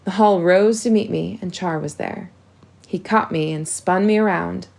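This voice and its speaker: Gravelly woman reading an audiobook. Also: fairly low pitch, moderate pace, darkish tone. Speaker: audiobook reader. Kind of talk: first-person audiobook narration.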